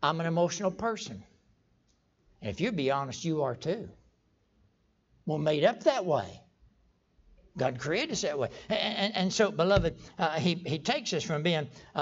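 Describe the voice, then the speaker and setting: A man's voice: fairly high pitch, expressive, normal speed, long pauses. An older man preaching a folksy sermon in a church, stumbling over restarts and breaking into sudden emphatic outbursts. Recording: dull lo-fi sermon recording.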